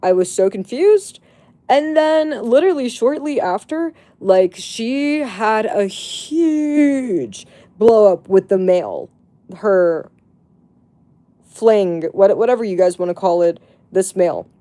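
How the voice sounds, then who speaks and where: A woman's voice: mid-range voice, lively intonation, slow pace, warm tone. A woman livestreamer chatting to her viewers, telling a story in a casual way with lots of "like" and swearing. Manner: chatty, heavy on "like" and profanity.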